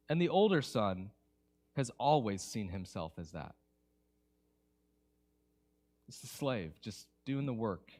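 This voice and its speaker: A man preaching a sermon as pastor in a church, conversational and animated, swinging between hushed passages and emphatic ones. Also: lowish voice, a little slow.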